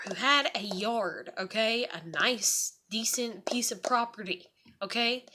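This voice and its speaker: A young woman with a drawl rambles through a frustrated, profane personal story in a casual vlog. Her voice is bright and forceful and sits a little high, and she talks plainly and openly. The delivery keeps circling back on itself as she vents. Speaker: vlogger.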